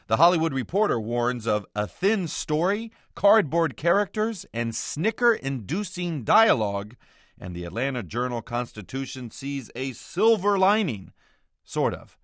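Wry, expressive male radio commentator. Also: mid-range voice, normal speed, no echo, studio quality. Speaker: film critic roundup writer. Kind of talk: scripted comic radio commentary.

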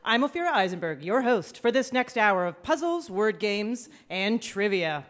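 A woman's voice: medium pitch, sing-song, moderate pace. A woman hosting a live radio quiz show, joking and laughing with contestants in front of an audience. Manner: playful, laughing, joking banter.

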